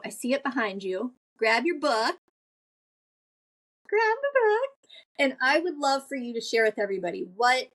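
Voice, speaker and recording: A woman hosting a podcast interview, speaking in an enthusiastic, gushing way. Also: medium pitch. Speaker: podcast host.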